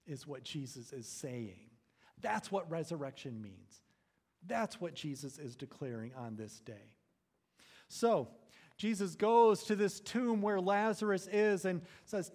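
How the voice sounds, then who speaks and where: Animated, slow-paced preaching man. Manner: emphatic preaching, swelling loud on key phrases then dropping low. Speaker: pastor. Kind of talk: sermon.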